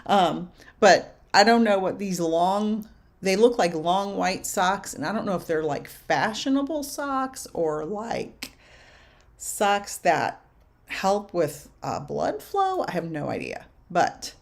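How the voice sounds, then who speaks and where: An older woman working as a medium, giving readings and answering viewer questions on a livestream in a slow, musing way with soft laughs. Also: medium pitch, very animated, vocal fry.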